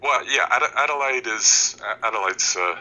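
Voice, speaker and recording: A man's voice: mid-range voice, normal speed, sharp tone, rough recording. An Australian man in his thirties, calling in to a show and chatting casually in a laid-back, explaining way. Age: 30s. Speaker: caller. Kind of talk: casual call-in chat.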